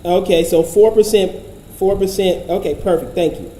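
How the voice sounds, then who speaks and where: A man's voice: sits high, normal speed, warm tone, echoey room, a little hiss or hum, poor audio. Profane, blunt man ranting. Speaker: commentator. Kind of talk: casual commentary.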